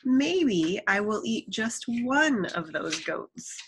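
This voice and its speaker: A woman voicing a proud, vain male tiger in a storybook tale, boastful and loud when upset. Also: medium pitch, very animated, slow pace, a little hiss or hum, poor audio. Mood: smug.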